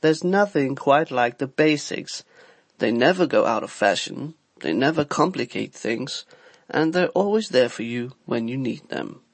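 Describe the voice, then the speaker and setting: A man reading a scripted English lesson, slowly and deliberately listing everyday example phrases one by one. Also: mid-range voice, animated, no room sound. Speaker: English teacher.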